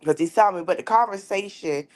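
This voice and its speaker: A woman in her thirties hosting a podcast, speaking in an outspoken, animated way as she tells a personal story and acts out the dialogue. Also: medium pitch, brisk. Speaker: podcast host. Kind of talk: candid casual commentary and storytelling.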